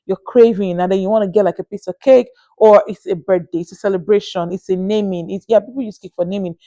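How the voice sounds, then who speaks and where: A young Nigerian woman with a Nigerian accent, telling a story to camera in a casual, animated and exasperated way, with sighing asides. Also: medium pitch, fast talker, no echo. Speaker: vlogger.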